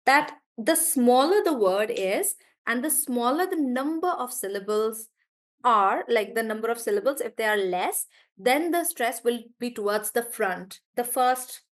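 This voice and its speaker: Woman teacher in a live online lesson, slightly high voice, animated, stretches words out to demonstrate stress. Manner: animated, drawn-out demonstration of syllable stress, self-correcting.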